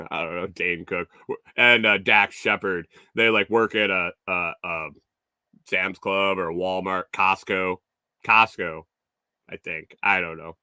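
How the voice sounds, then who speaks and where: A man's voice: low-pitched, steady tone, measured pace, pushed and bright, smooth, dry recording, studio quality. A man hosting a morning show, telling a rambling story to his live chat with frequent chuckles and restarts. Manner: rambling, chuckling, self-correcting.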